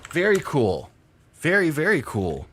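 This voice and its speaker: A man's voice: fairly high pitch, huge pitch swings, measured pace, a bit bright, husky. A young adult man chatting casually on a game stream, rambling through stories and laughing often. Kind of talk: casual gameplay stream chat.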